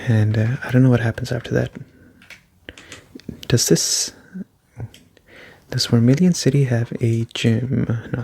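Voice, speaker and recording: A let's play host with a medium-pitched voice gives soft-spoken ASMR gameplay commentary. He drops casual joking asides as his voice goes hoarse.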